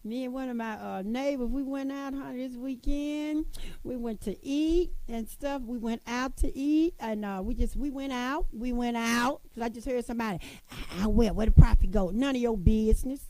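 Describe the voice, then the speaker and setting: A woman in a casual motivational talk to women, folksy and lively, calling her listeners sisters. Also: on the high side, normal speed, low-quality recording.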